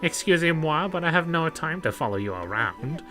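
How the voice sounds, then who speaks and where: A man's voice: fairly high pitch, very animated, normal speed, bright, forceful tone, faint music behind. Give me a man doing a smug, theatrical young dandy with a French accent. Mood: teasing. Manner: smug, playful, affected.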